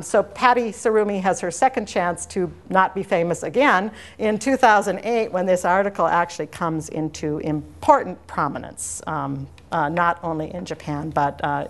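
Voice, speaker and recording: A woman's voice: lowish voice, vocal fry. A woman lecturing to an audience in a lecture room, in a discursive, anecdotal way that wanders into side stories. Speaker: university lecturer. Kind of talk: academic lecture.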